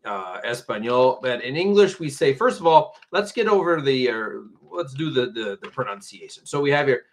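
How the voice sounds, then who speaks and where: A man's voice: medium pitch, sing-song. Patient American man teaching English live. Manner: patient, repeats words slowly for learners. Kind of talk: live-streamed English lesson. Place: home, Tampa area.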